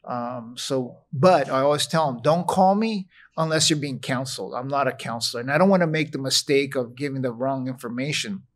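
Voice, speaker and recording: A man's voice: medium pitch, a little fast, few pauses. A middle-aged man, a podcast guest, talking candidly and earnestly, telling stories and acting out what people said with laughing asides. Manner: earnest storytelling, acts out quotes with laughing asides. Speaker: podcast guest, restaurant founder. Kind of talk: candid conversation.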